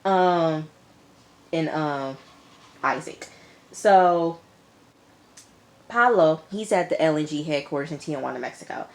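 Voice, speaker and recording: Woman, lowish voice, chatty episode recapper, talks straight to viewers, acts out lines. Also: slow, long pauses. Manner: chatty, addresses listeners as y'all and girl; animated, acts out characters' lines. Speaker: TV episode reviewer.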